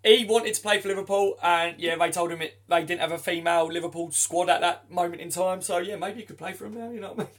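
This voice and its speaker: A man's voice: high-pitched, fairly even intonation, fast talker, few pauses, a bit bright. A young man hosting a casual live stream, chatting, laughing often and reading out viewer comments.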